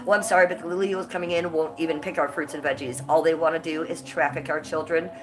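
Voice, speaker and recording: A woman's voice: low voice, fairly even intonation, fast. A woman hosting a casual livestream, blunt and profane, her voice stuffed up from a cold, with coughs between her lines. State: congested and coughing. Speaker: livestream host.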